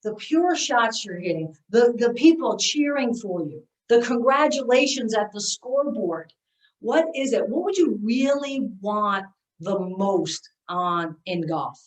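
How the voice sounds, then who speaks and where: A woman golf mental game coach giving an energetic motivational seminar talk, leading her audience through exercises. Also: on the high side, a little slow. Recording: echoey room, voice from far off.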